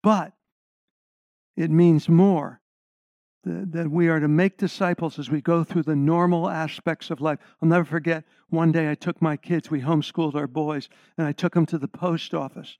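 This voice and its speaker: A man's voice: a little high, steady tone, normal speed, a little mellow, dry recording. A middle-aged man preaching a sermon, stressing key words and putting questions to the congregation. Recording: slightly dull lo-fi sound.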